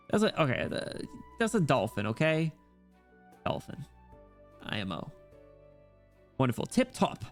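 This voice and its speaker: A man chatting casually with his stream viewers, playful and quick to laugh, with soft music behind. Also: a little high, sing-song.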